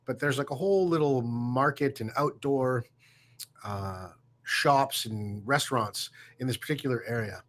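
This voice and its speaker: A man recounts a personal story as a guest, slowly and reflectively, with pauses and fillers. His voice is bright and forward, at a middling pitch. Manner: warm, reflective, halting with fillers. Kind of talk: casual storytelling.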